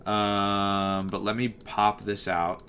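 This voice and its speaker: A man with a bass-baritone voice, casually chatting on a livestream and answering messages from chat. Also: completely flat delivery, takes it slowly, a bit bright, slight background noise. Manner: talkative, answers chat messages as they come in. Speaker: livestream host.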